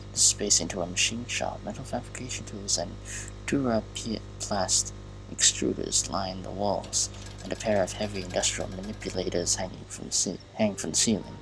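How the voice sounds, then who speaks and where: A man's voice: fairly low pitch, normal speed, over music, rough recording. A man playing a game and reading its text aloud in a casual way, often stumbling and restarting words. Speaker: gamer.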